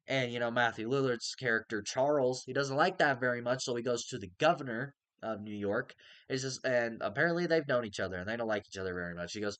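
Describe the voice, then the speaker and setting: A man's voice: mid-range voice, fast talker, fairly bright tone, dry recording. A man giving a casual, rambling review of a TV episode, with many fillers and casual swearing. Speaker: TV show reviewer.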